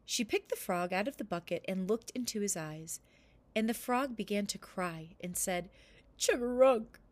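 At a moderate pace and in a mid-range voice, a woman gives expressive narration as she reads a children's story aloud.

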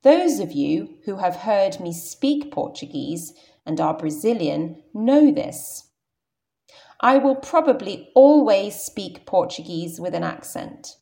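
A woman's voice: medium pitch, big pitch swings, slow, vocal fry, mellow. A young adult woman with a modern received pronunciation British accent, teaching English in a careful, explanatory lesson. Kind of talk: scripted podcast lesson.

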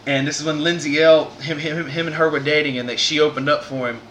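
With a fairly bright, slightly high voice held at a steady tone, this Southern United States podcast host speaks fast through a long personal story. He is casual and earnest, rambling and frequently restarting sentences, over a little hiss or hum.

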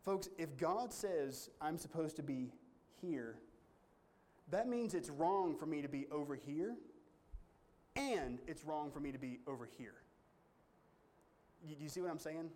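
A man preaching a sermon in a folksy, emphatic way, climbing high when stirred. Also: unhurried, long pauses, darkish tone. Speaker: pastor.

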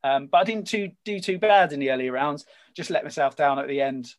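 A man, a podcast guest, chatting casually and telling a story with lively energy. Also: on the high side, brisk. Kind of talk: casual chat.

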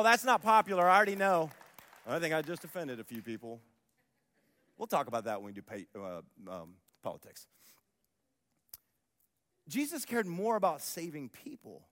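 High, animated preacher in a reverberant hall. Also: male voice. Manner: passionate, swings from loud to hushed. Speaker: pastor. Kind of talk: sermon.

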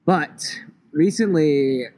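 A man's voice: fairly high pitch, drawn-out words, darkish tone, low-quality recording. A man hosting a podcast in casual, joking chat, outdoors in a park. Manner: laid-back, joking. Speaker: podcast host. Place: outdoors in a park, on a grassy slope.

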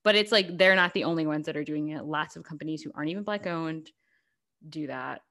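Animated woman in casual chat. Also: sits low, a little fast. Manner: animated, exclaims in disbelief. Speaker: podcast co-host.

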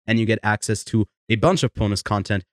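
A man hosting a podcast in casual chat, chatty and quick to laugh. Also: lowish voice, fairly even intonation, dry recording, clean studio sound. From Switzerland. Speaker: podcast host.

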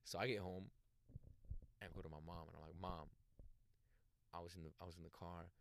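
A man's voice: low voice, brisk, creaky. A young man hosting a podcast, telling a story in casual chat, acting out the people in it and laughing often. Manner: animated, acts out voices in anecdotes, laughs a lot. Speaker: podcast host.

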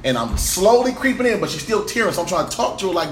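A man on a podcast, telling a story in an animated, profane way and laughing as he goes. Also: high voice, fast, roomy sound, a little hiss or hum. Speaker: podcast guest. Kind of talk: storytelling, casual chat.

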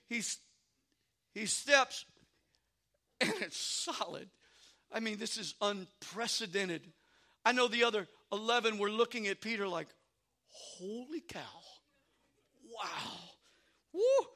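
A male pastor preaching a sermon, swinging from hushed, chatty asides to shouted passages and repeating "I'm telling you.". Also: sits high, measured pace.

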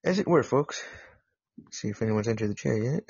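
Gravelly, profane man hosting a podcast. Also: medium pitch, big pitch swings, fairly quick, a little mellow, dry recording, lo-fi sound. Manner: profane, joking, self-mocking. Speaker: podcast host. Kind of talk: solo live podcast chat. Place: home setup in California.

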